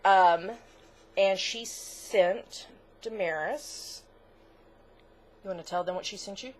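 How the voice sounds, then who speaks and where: A woman's voice: medium pitch, slow pace, slight background noise. A middle-aged woman co-hosting a crafts podcast in casual chat, gushing, chatty and easily moved. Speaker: podcast co-host.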